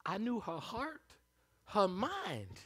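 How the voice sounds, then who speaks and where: A man preaching a sermon as pastor, animated, swinging from hushed asides to loud calls. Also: sits high, takes it slowly, slightly rough.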